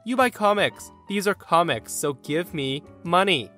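A man's voice: high-pitched, lively intonation, measured pace, pushed and bright, faint music behind, heavily acted. A man voicing a rude, demanding woman in her forties who speaks curtly and pushily in a story podcast. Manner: pushy and curt.

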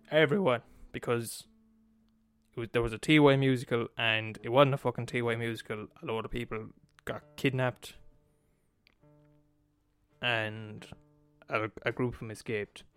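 A man with an Irish accent telling a story in a casual, animated way, swearing freely and checking in with the listener. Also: mid-range voice, normal speed, clear, resonant tone, no room sound, soft background music. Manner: animated, swears a lot, asks the listener "right?".

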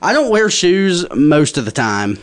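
A man's voice: a little high, sing-song, a little slow. A man chatting casually as a podcast guest, joking and drawling in a self-mocking way. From rural background. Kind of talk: casual chat.

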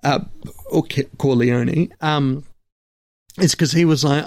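Man, gravelly voice, casual film podcast talk, rambling, halting, many fillers, dry room. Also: medium pitch, steady tone, no room sound. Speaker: podcast co-host.

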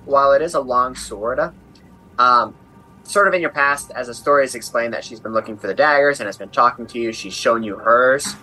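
A man narrating as game master of a tabletop game, describing scenes in a halting way with many fillers. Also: medium pitch, bright, forceful tone, poor audio.

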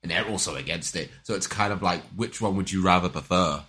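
Man, very deep but sharp, bright tone, laid-back podcast chat. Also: a little fast. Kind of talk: casual political chat.

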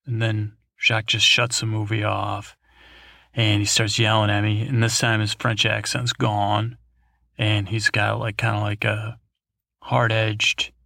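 A man's voice: fairly low pitch, level tone, unhurried, vocal fry, bright, forceful tone, no echo, clean studio sound. A man hosting a podcast, telling a meandering, improvised bedtime story full of fillers and restarts. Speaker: podcast host.

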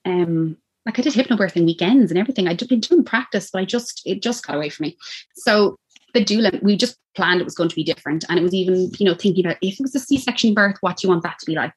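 An Irish woman in her thirties telling a personal story as a podcast guest, animated and acting out what people said. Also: lowish voice, breathy edge. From Ireland. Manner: animated, acts out quoted speech, quick laughs. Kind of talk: personal birth story, casual chat.

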